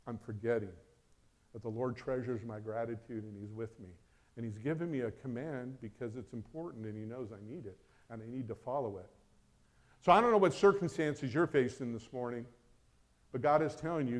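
A middle-aged man preaching a sermon as pastor, swinging between loud, urgent questions and quiet, low asides. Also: normal speed.

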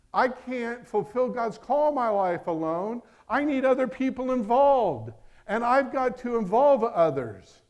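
With a high-pitched voice, a middle-aged man preaches as pastor. He is emphatic, alternating loud declarations with hushed asides.

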